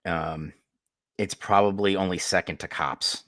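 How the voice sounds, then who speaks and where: A man's voice: low-pitched, steady tone, measured pace, fairly bright tone, no echo, clean studio sound. A man co-hosting a podcast who once led soldiers, talking bluntly in casual chat with lots of swearing. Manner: blunt, profane, frank. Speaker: podcast co-host, former military leader.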